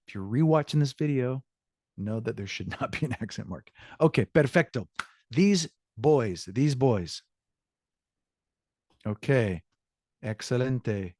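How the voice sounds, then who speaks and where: A man's voice: on the low side, darkish tone, dry recording, studio quality. A man teaching a Spanish class to students, encouraging them and correcting himself as he goes. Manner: upbeat, encouraging, self-correcting. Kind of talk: online class lesson.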